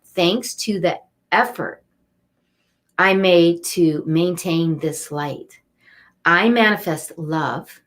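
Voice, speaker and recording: A middle-aged woman giving an inspirational card reading on a webcam live stream, chatty and upbeat, speaking straight to her viewers. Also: lowish voice. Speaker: angel card reader.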